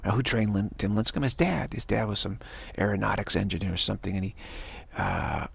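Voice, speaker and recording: Gravelly husky man, rambling. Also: on the low side, fairly quick, fairly bright tone. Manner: rambling, chuckling, repeats phrases. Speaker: spiritual teacher. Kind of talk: casual spiritual talk.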